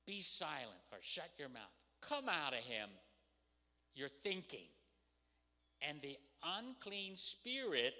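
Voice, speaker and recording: A man's voice: fairly high pitch, sharp tone. An older man teaching scripture in a chatty way to a live group, often laughing and asking "hmm?" to check in with them. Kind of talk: casual lecture to a live group. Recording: long reverb in a hall.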